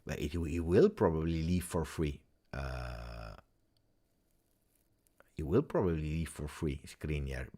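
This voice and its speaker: Extremely low in pitch, this man speaks slowly with long pauses as he hosts a football reaction livestream from his Belgian home setup. He's animated nonetheless, reading viewers' comments and thinking aloud with frequent "uh"s and "eh?"s.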